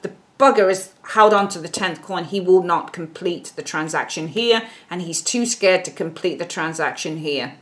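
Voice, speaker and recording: A woman giving a casual tarot reading, blunt and animated, and she swears freely. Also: lowish voice, moderate pace, few pauses. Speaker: tarot reader.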